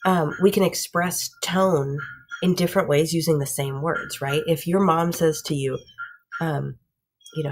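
Woman teacher, low pitched, kinda husky, explaining stuff to her class and asking right? okay? a lot. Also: fairly even intonation, unhurried. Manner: checks in with "okay?" and "right?" after points; explains patiently with everyday examples. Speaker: middle school teacher. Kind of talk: classroom lecture.

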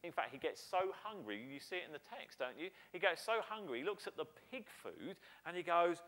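British male pastor, sermon delivery, lively sing-song pitch, slightly higher voice than most men. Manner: animated preaching, acting out quoted voices with slowed emphatic lines.

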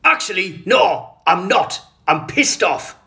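A man's voice: high voice, lively intonation, takes it slowly, creaky, bright, forceful tone, pitched below the performer's own voice, exaggerated voice. A man impersonating a male TV presenter who talks in a grumpy, complaining way. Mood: irritated. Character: male TV presenter, irritated and sulky.

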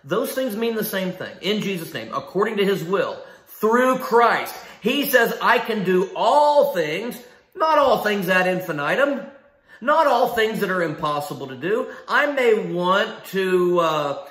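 A man's voice: high-pitched, very animated, normal speed, a bit bright, roomy sound. A man preaching a sermon in an emphatic style, asking rhetorical questions and repeating key phrases. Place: church sanctuary.

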